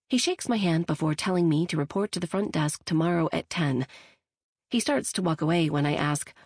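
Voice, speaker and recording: A woman's voice: low voice, fairly quick, darkish tone, husky, no echo. A woman narrating a first-person audiobook in a chatty, self-deprecating way, on a close studio mic.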